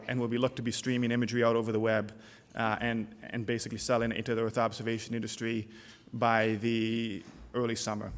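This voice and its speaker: A man's voice: medium pitch, fairly bright tone. Middle-aged canadian guy giving a keynote, chatty storyteller, lots of uh's, big echoey hall. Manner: casual, anecdotal, many fillers and restarts. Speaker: keynote speaker, company CEO. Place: conference hall. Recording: long hall reverb.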